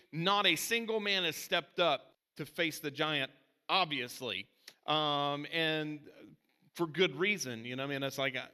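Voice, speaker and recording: A man's voice: fairly high pitch, pushed and bright, clean tone. A man preaching a casual, conversational sermon as pastor, full of fillers and restarts. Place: church sanctuary. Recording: church hall reverb.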